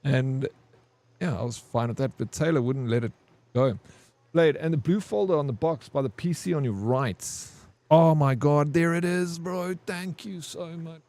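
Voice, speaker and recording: A man's voice: on the high side, moderate pace, warm tone. A man streaming a game, rambling and crude as he tells a long army story to his chat. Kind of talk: casual gaming stream storytelling.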